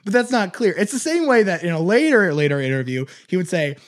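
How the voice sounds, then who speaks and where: Chicago-accented male comic co-host, higher voice, rambling and giggly. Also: big pitch swings, quick pace. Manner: rambling, laughs mid-sentence, does mock quotes. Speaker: podcast co-host. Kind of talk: casual comedic chat.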